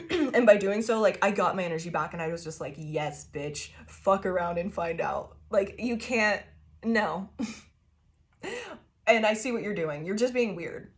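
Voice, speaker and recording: A woman's voice: medium pitch, unhurried. A woman giving a casual tarot reading, swearing freely and laughing often as she tells her story. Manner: profane, laughing, animated storytelling. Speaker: tarot reader.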